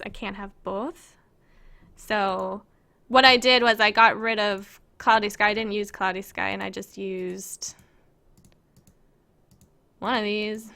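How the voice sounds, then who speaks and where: A woman's voice: mid-range voice, sharp tone, clean tone. A woman casually chatting on a live stream as she shows her game-making work, giggling and rambling as she reads viewer questions aloud.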